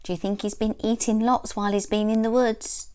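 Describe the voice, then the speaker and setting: A woman reading a storybook aloud to young children, slow and expressive, with gasps and questions to the listeners. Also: on the high side, clean tone. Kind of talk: storytime reading for under-fives.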